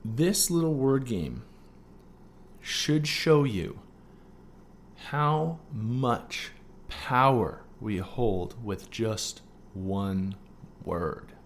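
A man with a medium-pitched, lively voice speaks very slowly as the host of a solo podcast, with a little hiss or hum in the background. He coaches listeners through a writing exercise, checking in often with "okay?" and blending earnest teaching with playful asides.

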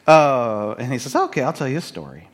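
A man's voice: mid-range voice, big pitch swings, brisk. A middle-aged man preaching a conversational sermon, telling the story and acting out the people in it. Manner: conversational, storytelling, acts out quoted voices. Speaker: pastor.

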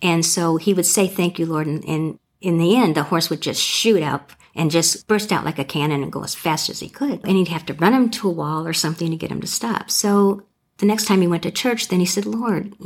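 A woman's voice: fairly low pitch, fairly quick, slightly rough. A middle-aged woman who trains horses, co-hosting a podcast in a folksy, storytelling way. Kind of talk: storytelling and casual podcast chat.

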